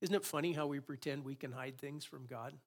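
A man's voice: mid-range voice, fairly quick. A man preaching a sermon as pastor in a church sanctuary, full of rhetorical questions and rising passion.

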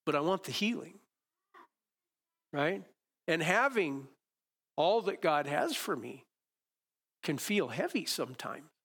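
A middle-aged male pastor preaching a sermon, acting out his prayers and his dialogue with God in lively, animated bursts. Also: on the high side, slightly rough.

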